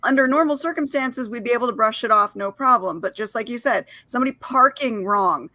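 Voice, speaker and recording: A woman's voice: on the high side, fairly quick, sharp tone, dry recording. A woman co-hosting a casual video-call chat, offering sympathetic, reassuring comments. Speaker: co-host.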